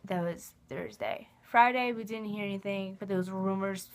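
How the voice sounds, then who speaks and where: A woman's voice: mid-range voice, moderate pace. Young adult woman vlogger, rambling and emotional, chatty filler-laden delivery. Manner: rambling, emotional, heavy use of "like". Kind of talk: casual fan vlog.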